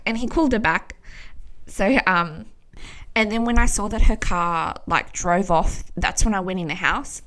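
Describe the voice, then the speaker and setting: A woman's voice: medium pitch, moderate pace. Young woman telling a story, swearing freely. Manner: animated, swears often, acts out quoted dialogue. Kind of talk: casual storytime.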